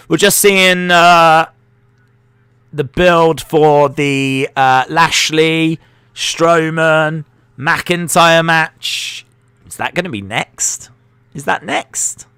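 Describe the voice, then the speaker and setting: A man's voice: fairly high pitch, a bit bright, clear, resonant tone, no echo. A man hosting a live wrestling watch-along, chatty and jokey, reacting aloud as he goes. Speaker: live stream host.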